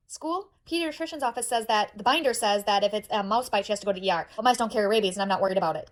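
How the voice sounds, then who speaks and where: A woman in her thirties, a stay-at-home mom telling a funny story in a lively, dramatic way with wry comic timing. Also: medium pitch, racing, few pauses. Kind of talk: animated storytelling vlog.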